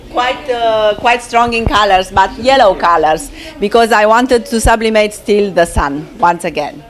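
Lady painter, fairly high voice, halting, hunting for words, little laughs. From Romania. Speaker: artist presenting her paintings. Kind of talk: casual interview. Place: art gallery opening.

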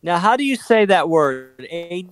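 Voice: mid-range voice, sing-song, a little slow. A co-host on a casual craft livestream, chatty and reading out viewer comments.

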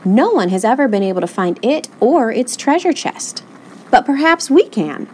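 A woman doing a brisk, helpful librarian. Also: on the high side, very animated, darkish tone, a little hiss or hum.

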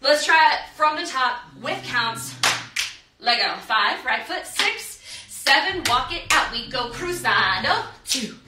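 A woman's voice: sits high, expressive, slow pace. Upbeat dance teacher lady counting out steps, kinda far from the mic, faint hiss. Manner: upbeat, counts beats aloud and chants. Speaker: dance instructor. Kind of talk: live online dance class. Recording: echoey room, voice off-mic, faint noise.

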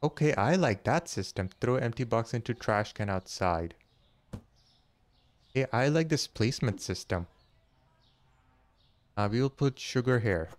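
A man hosting a casual let's-play, chatty and jokey, thinking aloud and counting money out loud as he goes. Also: medium pitch, lively intonation, unhurried, pauses often. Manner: jokey, easily startled. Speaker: gaming channel host.

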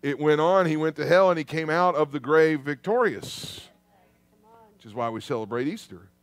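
A man preaching a sermon in a church, lively and conversational, calling out to the congregation. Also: a little high, normal speed, smooth, dry recording. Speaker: pastor. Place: church sanctuary.

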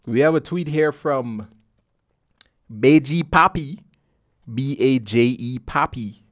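A man's voice: mid-range voice, unhurried, no room sound, clean studio sound. A man from the Caribbean hosting a podcast in a loose, joking, conversational way. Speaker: podcast host. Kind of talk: casual podcast chat.

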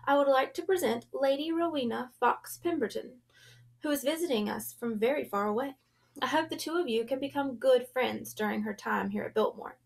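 A woman voicing a gracious, refined lady of a grand house who speaks in a warm, formal, soothing way. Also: sits high, normal speed, vocal fry.

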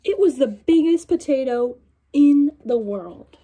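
At a measured pace, a young woman with a high-pitched voice reads a picture book to children. She tells the story with animation and draws her young audience in with questions.

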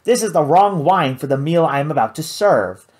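A man putting on a flamboyant, excitable chef, grand and theatrical, his pitch leaping about with every outburst. The voice swoops high and low as he frets over his cooking. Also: normal speed, lightly acted.

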